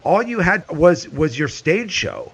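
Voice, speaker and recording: A man's voice: on the high side, big pitch swings, measured pace, creaky, a bit bright, breathy edge. A male podcast host interviewing guests in an enthusiastic, casual way.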